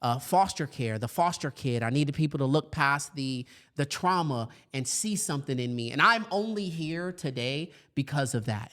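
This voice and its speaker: A man hosting a podcast, giving a conversational motivational talk to educators with lots of fillers and lively asides. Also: mid-range voice. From grew up in foster care. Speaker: podcast host and speaker for educators.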